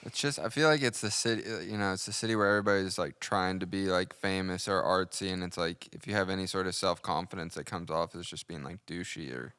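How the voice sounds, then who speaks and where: Low dry-voiced laid-back man. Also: steady tone, quick pace, few pauses, a bit bright, smooth, dry recording. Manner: laid-back, short agreeing replies, dry jokes. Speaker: podcast co-host. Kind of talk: casual podcast chat.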